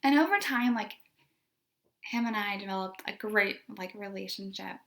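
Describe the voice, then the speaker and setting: A woman's voice: mid-range voice, normal speed, a bit bright. A young woman, a special education teacher, telling a story from her classroom in a casual, conversational way, full of "like" and "you know".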